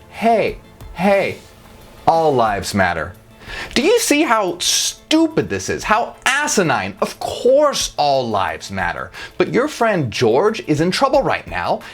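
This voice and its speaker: A woman hosting her channel, giving a blunt, emphatic persuasive monologue to camera. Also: fairly low pitch. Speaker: channel host.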